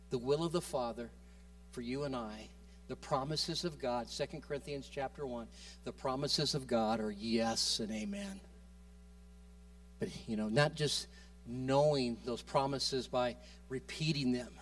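A man preaching a sermon with passion, moving between loud urging and quiet soft passages, often repeating and restarting his words. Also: mid-range voice, unhurried, pauses often, recorded from a distance.

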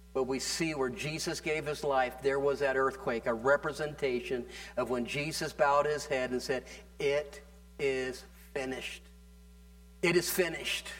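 Male pastor, fairly high-pitched, emphatic, repetitive sermon delivery. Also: a bit bright. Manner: emphatic preaching, drawing out key phrases and asking "amen?".

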